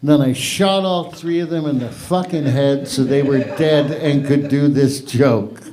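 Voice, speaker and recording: A man's voice: medium pitch, measured pace, dark tone. A middle-aged man hosting an open mic, telling a long stand-up joke in a rambling, profane way with lots of self-interruptions. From half English, half Irish. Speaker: open mic host and comedian. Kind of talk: stand-up comedy. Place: live comedy venue with audience.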